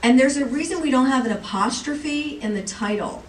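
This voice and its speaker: A woman's voice: high voice, normal speed. A woman presenting and joking with the audience on a convention panel, recorded from the crowd. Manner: lively, joking, chatty with the audience. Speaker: comics editor presenting on a panel. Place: large convention hall. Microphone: recorded from the audience by a far camera. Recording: echoey hall from far off, faint noise.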